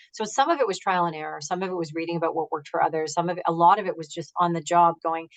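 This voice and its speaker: A woman's voice: on the low side, quick pace, few pauses, low-quality recording. A woman negotiation expert giving emphatic advice in a conversational interview over a video call, acting out what her clients say. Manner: energetic, emphatic, acts out client quotes. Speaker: negotiation expert and author, guest.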